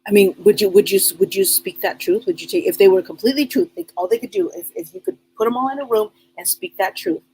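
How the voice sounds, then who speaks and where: A middle-aged woman with a husky voice at an ordinary pitch hosts a live psychic advice stream. She talks bluntly and casually, loops back over her words, and keeps asking rhetorical questions. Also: expressive, fast, few pauses, warm tone, rough recording. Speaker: psychic reader and show host.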